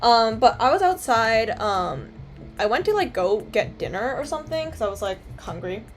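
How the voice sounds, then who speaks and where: Young woman, streamer, casual chat, rambling, lots of fillers, swears, higher voice, faint music behind. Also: sing-song, normal speed. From Canada. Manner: rambling, filler-heavy storytelling, swears freely.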